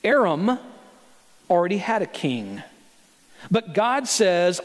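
A man preaching from the pulpit in a high voice, taking his time over each phrase. He turns dramatic when acting out quoted voices, with sudden jumps in pitch and pace. A long church reverb trails after him. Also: big pitch swings, slow, pauses often. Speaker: pastor. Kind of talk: sermon. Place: church sanctuary.

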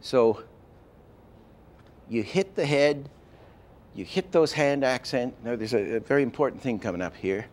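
An older man gives an animation lesson in a mid-range voice. He tells lively stories from his work, often breaks off to act out a line, and restarts his sentences as he goes. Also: mid-range voice, measured pace. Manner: lively storyteller, acts out lines, many restarts. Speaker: animation teacher. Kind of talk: lecture with acted-out examples.

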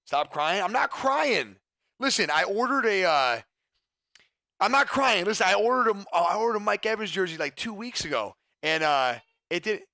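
Brief: young male streamer, bright, lively voice, profane, excitable, dry close sound. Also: high-pitched, fairly quick, few pauses, no echo. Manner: excitable and profane, talks to his chat. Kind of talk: casual livestream chat.

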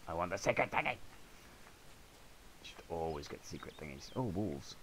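A man's voice: sits low, very animated, moderate pace, heavy background noise. A man swearing and joking his way through a video game. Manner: sweary, jokey running commentary. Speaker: gamer. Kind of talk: let's play commentary.

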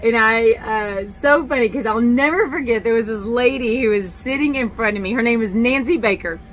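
A middle-aged Texas woman shares her faith testimony in a chatty, candid way, full of fillers and restarts. Her voice sits on the high side at a normal speed. The recording is rough, with slight background noise.

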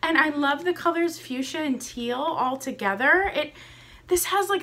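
Gushing high-voiced woman unboxing. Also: pushed and bright. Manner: gushing, gasping, exclaiming delight at each item. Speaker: vlogger unboxing a subscription box. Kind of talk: excited unboxing chat.

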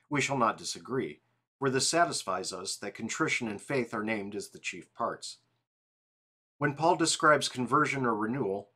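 A tired man reading a church confession aloud in an evening devotional, steady and plain. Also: mid-range voice, slightly rough. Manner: reads steadily, apologizes and laughs at slips. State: yawning, tired.

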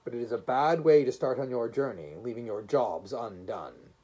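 A man's voice: mid-range voice, moderate pace, mellow, husky, close to an everyday voice. A man doing a stern officious inspector. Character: stern tall male house inspector, officious.

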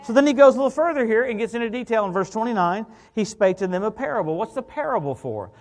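A middle-aged man preaching an evangelical sermon as a guest minister, animated and joking, often calling out "hallelujah" and "come on". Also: high-pitched, fast.

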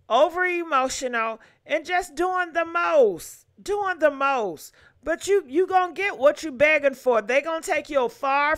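Sassy high-voiced woman commentator. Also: pushed and bright. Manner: sassy, blunt slang. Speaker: commentary host. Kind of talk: reaction commentary.

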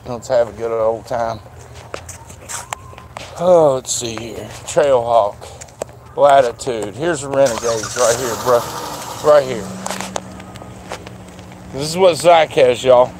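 A man with a drawl talks his way around a car lot in a loose, rambling vlog. His voice sits mid-range and folksy, with the odd mild swear, caught on a handheld phone with clear traffic and street noise around him. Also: medium pitch, takes it slowly, long pauses, a little mellow, low-quality recording. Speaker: vlogger. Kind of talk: casual walkaround vlog. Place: outdoors at a car dealership lot. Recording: outdoor traffic noise behind.

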